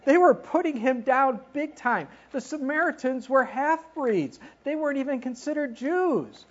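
A woman's voice: high-pitched, lively intonation, unhurried, few pauses. A woman preaching a sermon in a conversational way, asking rhetorical questions and reading scripture aloud. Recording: dull lo-fi recording.

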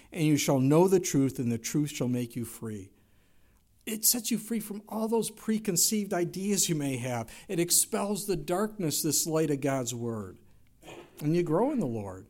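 A middle-aged man preaching a sermon, telling stories in an animated way and jumping his voice up for quoted lines. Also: a little high. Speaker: pastor.

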